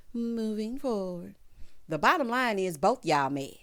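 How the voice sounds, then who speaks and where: A woman's voice: medium pitch, sing-song, unhurried, a bit bright. A woman recapping a reality show in sassy, gossipy commentary, acting out the quotes.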